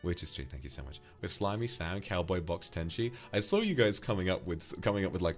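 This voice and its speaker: A man's voice: deep voice, very animated, quick pace, hardly any pauses, faint music behind. A man from the UK, streaming and casually thanking viewers for donations, affectionately calling them darling. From United Kingdom.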